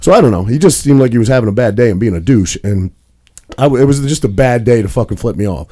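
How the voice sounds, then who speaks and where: A man's voice: medium pitch, expressive, quick pace, mellow. A young man co-hosting a podcast, telling a rambling story in casual chat with plenty of swearing. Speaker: podcast co-host.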